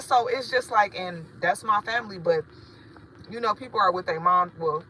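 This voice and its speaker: A woman who owns a spiritual shop talks to her livestream viewers in a mid-range voice at moderate pace, her tone pushed and bright on a rough recording. She rambles and chats casually, swears freely, and addresses viewers directly.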